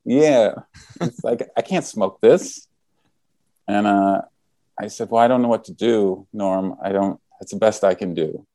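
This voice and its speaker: Low, dark-voiced man telling a story. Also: moderate pace, no room sound. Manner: animated storyteller acting out quoted lines. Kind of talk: casual storytelling.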